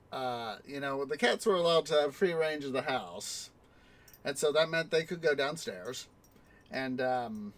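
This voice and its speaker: A man streaming a city-building game, chatting casually and telling a rambling story full of fillers and restarts. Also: medium pitch. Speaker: gaming streamer. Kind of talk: casual let's-play chat and storytelling.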